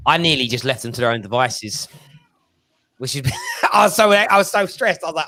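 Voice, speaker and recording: A man hosting a casual football chat show, telling stories with lively energy and mimicking voices. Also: a little high, brisk. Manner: animated storytelling, mimics his kids. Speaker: show host.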